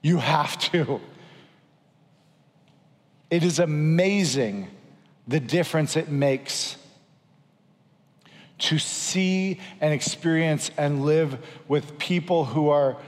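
A man's voice: a little high, takes it slowly, pauses often, long reverb tail. A man preaching a sermon as pastor, earnest and exhorting, repeating lines for emphasis.

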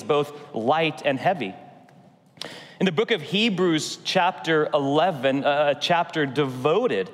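A man preaching in an earnest, conversational way. He slows down for emphatic repeats. His voice sits a bit high for a man, and a long reverb from the church hall trails behind each phrase. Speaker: pastor. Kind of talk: sermon. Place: church sanctuary.

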